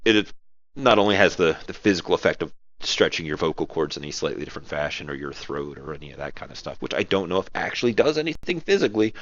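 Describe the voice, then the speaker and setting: A man's voice: extremely low pitch, very animated, fast, fairly bright tone, no echo, lo-fi sound. A man talking casually about running tabletop games, rambling and correcting himself as he explains, recorded at home. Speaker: game master giving advice. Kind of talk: casual spoken advice talk. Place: at home, girlfriend nearby watching TV. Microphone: audio-only recording, no camera.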